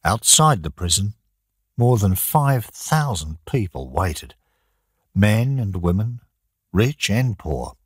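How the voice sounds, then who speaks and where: Deep, husky man reading slowly. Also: big pitch swings, no echo, clean studio sound. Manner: slow, plain, deliberate reading for learners. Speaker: narrator. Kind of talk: graded-reader audiobook narration.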